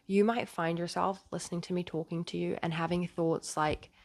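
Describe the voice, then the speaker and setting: A woman's voice: lowish voice, steady tone, moderate pace, darkish tone, no echo. A woman giving earnest relationship advice to camera in a casual, explanatory way. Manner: earnest, explanatory, acts out quoted lines. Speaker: relationship advice video host.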